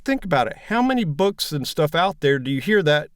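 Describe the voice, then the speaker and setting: A man in his fifties with a Southern drawl, an audiobook narrator talking in a relaxed, plainspoken, folksy way in a casual interview. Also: fairly high pitch, brisk, no room sound, clean studio sound. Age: 50s.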